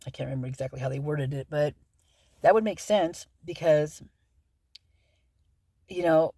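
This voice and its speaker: A woman hosts her own channel, working through a legal document aloud in a loose, rambling commentary full of fillers and restarts. Her voice is mellow and unhurried. The sound is dry and close, with no room around it. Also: sits low, no echo. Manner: rambling, chatty, with many fillers and self-corrections. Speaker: true-crime channel host. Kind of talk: casual commentary while reading a legal document.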